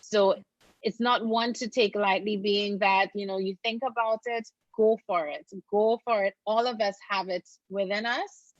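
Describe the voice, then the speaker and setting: A woman's voice: mid-range voice, fairly even intonation, unhurried, no room sound, lo-fi sound. A woman attorney guest speaking earnestly and encouragingly, repeating phrases for emphasis. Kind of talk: casual interview chat.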